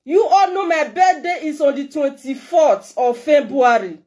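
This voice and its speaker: A woman's voice: high-pitched, unhurried, few pauses, darkish tone. A middle-aged woman with a Nigerian accent, giving a heartfelt, emotional message to her followers as a vlogger. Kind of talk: emotional direct-to-camera message.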